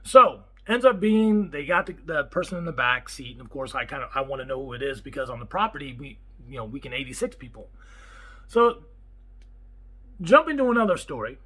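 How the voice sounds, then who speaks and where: A man, a property manager, telling a story in a casual vlog and acting out the quotes in an excitable way. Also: mid-range voice, fairly quick, low-quality recording. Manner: animated, excitable retelling with acted-out quotes.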